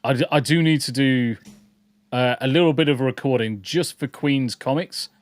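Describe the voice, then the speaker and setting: A man's voice: mid-range voice, normal speed, dry recording. A man co-hosting a live-stream podcast, blunt and sweary, rambling with restarts. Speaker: podcast co-host. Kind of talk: casual live-stream chat.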